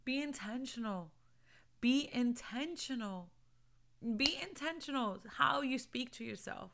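A woman's voice: high-pitched, expressive, a little slow, creaky, pushed and bright. A woman giving casual, earnest faith and self-care encouragement to viewers, calling them "sis" and "babe" and mixing in Spanish phrases. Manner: earnest, encouraging, laughs between points. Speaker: Christian lifestyle vlogger. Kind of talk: casual motivational talk to camera.

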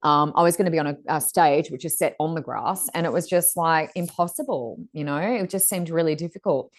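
A woman's voice: low voice, fairly quick. A woman, co-hosting a casual chat and talking in long rambling runs with fillers. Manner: rambling, chatty, many fillers. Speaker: podcast co-host.

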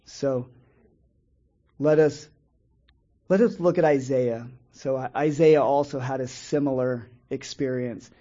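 Measured, mellow-voiced male preacher. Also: mid-range voice, dull audio. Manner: measured, reads scripture slowly with pauses and restarts. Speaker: preacher teaching a Bible study. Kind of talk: sermon-style Bible teaching.

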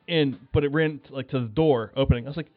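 A man telling a rambling, animated story in casual chat, acting out his own shouts. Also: mid-range voice, quick pace, no room sound. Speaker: podcast guest. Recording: tinny phone line, dry.

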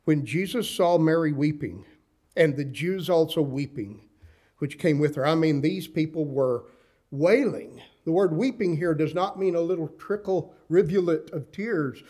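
A pastor in his sixties, his voice slightly high and mellow, preaches a sermon with slow, impassioned delivery and dramatic pauses. He reads scripture in old-fashioned wording.

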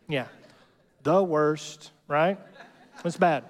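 A slightly high, steady-toned male voice preaches at a moderate pace, leaving long pauses. The pastor keeps things conversational and joking, often asking the congregation "right?", with a long hall reverb on the recording.

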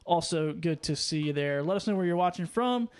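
A man's voice: on the high side, expressive, brisk. A man co-hosting a live fishing stream, chatting loosely and greeting viewers by name. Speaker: co-host of a live fishing show. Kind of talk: casual live-stream chat.

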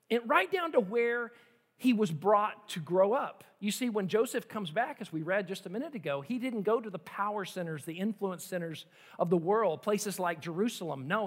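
Male pastor, very high voice, animated sermon, long echo in a church hall. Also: breathy edge. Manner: animated, acts out quoted voices.

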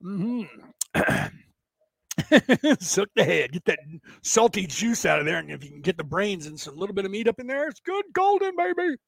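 A man's voice: sits high, moderate pace, vocal fry, a bit bright, breathy edge, dry recording. A man from California chatting casually to viewers in a folksy, rambling way, often tagging his sentences with "right?". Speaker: livestream host reading chat.

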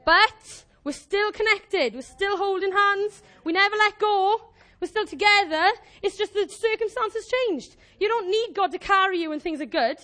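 A woman giving an informal, energetic sermon to her church, joking and demonstrating as she talks. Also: extremely high pitch, moderate pace, few pauses. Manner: energetic, animated, jokey. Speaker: church speaker.

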